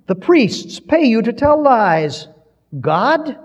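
A man voicing a small, scornful heckler who shouts in a cutting voice. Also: extremely high pitch, very animated, slow, voice pushed up, exaggerated voice. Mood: jeering. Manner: cutting, jeering. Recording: dull recording with long hall reverb.

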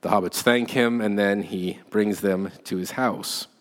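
A male teacher giving a measured lecture with frequent "uh" and "um", reading literature aloud and explaining it. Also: fairly low pitch, fairly even intonation. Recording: long hall reverb.

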